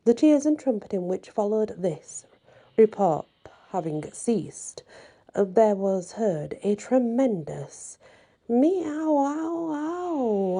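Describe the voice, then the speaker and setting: A woman reads a fairy tale aloud in a slow, measured way. Her voice is very dark and mellow, and her telling is expressive. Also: mid-range voice. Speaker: storyteller.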